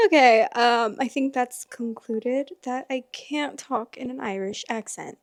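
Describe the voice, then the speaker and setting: A woman's voice: a little high, a little slow, few pauses, no room sound. Chatty woman on a dry close mic. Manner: chatty, filler-heavy, exclamatory. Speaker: podcast host reading stories. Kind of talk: casual chat and reading aloud.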